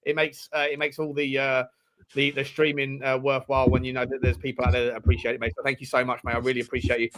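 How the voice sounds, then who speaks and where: A man's voice: medium pitch, monotone, fast talker, fairly bright tone, low-quality recording. A man hosting a live football watchalong, effusively thanking viewers again and again. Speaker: livestream host. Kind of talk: casual live watchalong chat.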